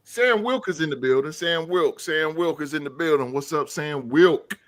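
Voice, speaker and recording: A man hosting a casual sports podcast, animated and slangy, often breaking into laughter. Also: fairly high pitch, normal speed, dry recording, clean studio sound. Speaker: podcast host.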